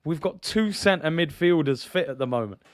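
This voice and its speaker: A man's voice: fairly high pitch, lively intonation, moderate pace, no echo, clean studio sound. Frustrated man ranting on stream. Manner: frustrated, rhetorical questions, reads out viewer comments. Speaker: football channel host. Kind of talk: livestream fan rant.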